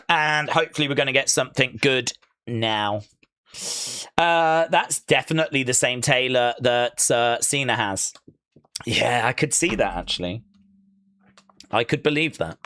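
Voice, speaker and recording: A man's voice: medium pitch, a bit bright, smooth. A man hosting a live watch-along stream, chatting casually, reading out viewer comments and riffing on them.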